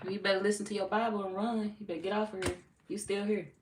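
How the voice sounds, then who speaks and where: A woman tarot reader from Missouri, talking loosely to her live chat. She is blunt and joking and swears now and then. She sits back from the mic in an echoey room, with clear noise under her voice. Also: medium pitch, flat delivery, fast, distant mic. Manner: blunt, playful, swears freely, laughs often. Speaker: tarot reader hosting a livestream. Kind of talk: casual livestream chat reading viewer comments.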